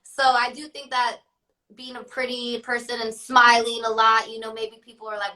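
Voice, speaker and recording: A woman's voice: on the high side, little pitch movement, normal speed, sharp tone, rough recording. A young woman rapper chatting as an interview guest, laughing often and filling her talk with "like". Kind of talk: casual interview.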